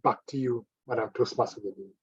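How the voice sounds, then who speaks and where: A man's voice: mid-range voice, steady tone, quick pace, breathy edge, no echo, dull audio. A man giving an encouraging speech evaluation at a club meeting, repeating phrases for emphasis.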